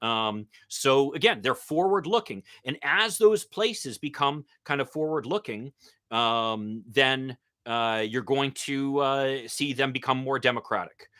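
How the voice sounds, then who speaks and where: A man hosting a live-stream Q&A as a political commentator, answering viewer comments in a halting way with many ums and uhs. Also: medium pitch, a bit bright. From Michigan. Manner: halting, with frequent um and uh fillers.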